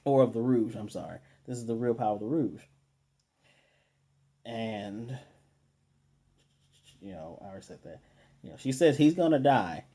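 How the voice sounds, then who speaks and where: A man with a mellow, slightly husky voice runs through an anime episode in a loose, conversational way. He paraphrases the characters' lines and stumbles over restarts as he goes. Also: medium pitch, expressive, normal speed, pauses often. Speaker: anime reviewer. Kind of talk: casual episode recap.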